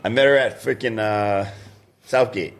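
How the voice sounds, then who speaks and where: A man co-hosting a casual podcast, telling an animated story full of laughter and acted-out quotes. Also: fairly low pitch, a little slow. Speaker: podcast co-host. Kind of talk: casual chat.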